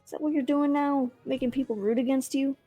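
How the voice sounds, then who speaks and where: A woman on a livestream with friends, teasing and quick in casual banter. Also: sits high, steady tone, warm tone, soft background music. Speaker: livestream co-reader. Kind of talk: casual chat.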